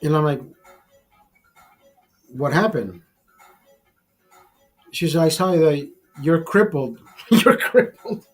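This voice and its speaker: A man's voice: on the high side, expressive, takes it slowly, long pauses, faint music behind. A man hosting a livestream, telling a crude, bitter story with heavy swearing. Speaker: livestream host. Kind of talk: profane storytelling rant.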